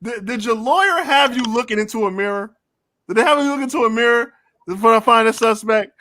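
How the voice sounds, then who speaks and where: A man hosting a casual sports talk show, animated and joking, repeating phrases for emphasis. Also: very high-pitched, fairly quick, no room sound.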